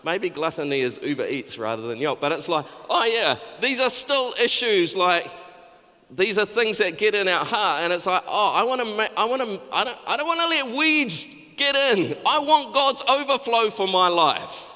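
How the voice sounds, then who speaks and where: A man with a high, bright voice preaches a casual, conversational sermon, often stumbling and restarting his sentences. He sounds lively and sharp, and his words echo with a long reverb through a church hall. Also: moderate pace. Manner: conversational, with many restarts and acted-out quotes. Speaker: pastor.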